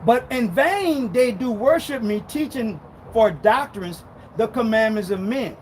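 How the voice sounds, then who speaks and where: Man, preacher, very high voice, fiery, shouts and mutters, faint background noise. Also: animated, a little slow, rough recording. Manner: loud, swings between shouting and muttering. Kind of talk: street-style sermon.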